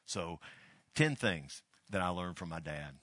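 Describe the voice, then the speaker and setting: A man's voice: deep voice, expressive, unhurried, fairly bright tone, no echo, studio quality. An older man from Alabama, a pastor giving a folksy, storytelling sermon.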